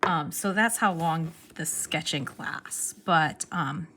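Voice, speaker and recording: Young woman, bright chatty vlogger, gushing and rambling, faint room hiss. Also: deep voice, slow pace. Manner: excitable, chatty, trails off and restarts. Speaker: pen vlogger. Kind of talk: casual show-and-tell vlog.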